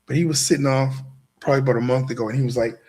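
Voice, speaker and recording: A man's voice: medium pitch, fairly even intonation, very fast, darkish tone. A man hosting a show and giving a motivational talk to a live audience. He is emphatic and repeats himself, often tossing "right?" back at the crowd. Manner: emphatic, repetitive, keeps asking "right?". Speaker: show host.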